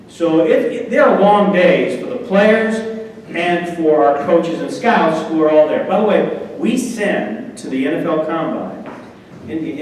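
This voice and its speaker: Middle-aged male guest speaker, animated anecdotes, raised pitch, heard from afar in a reverberant hall. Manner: animated anecdotes, acts out quoted voices. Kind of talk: after-dinner storytelling. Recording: echoey hall, distant mic, faint noise.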